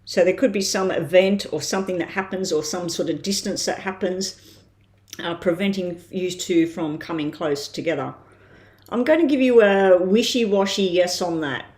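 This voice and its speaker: A woman giving a live-stream tarot reading in a casual way, thinking aloud with frequent ums and pauses. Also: on the low side, darkish tone. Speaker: tarot reader. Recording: roomy echo.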